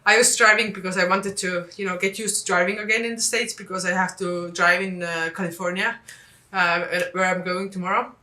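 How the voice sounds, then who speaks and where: A woman from Estonia, telling travel stories in a casual vlog and acting out the dialogue with lively jumps in pitch. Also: a little fast, roomy sound. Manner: animated, acts out quoted dialogue with big pitch jumps. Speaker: vlogger.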